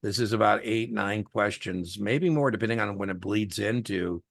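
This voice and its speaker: A man's voice: fairly low pitch, moderate pace, creaky, no echo, clean studio sound. A middle-aged man tutoring a student one-on-one over a video call, chatty and folksy, telling stories with lots of fillers. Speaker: exam tutor.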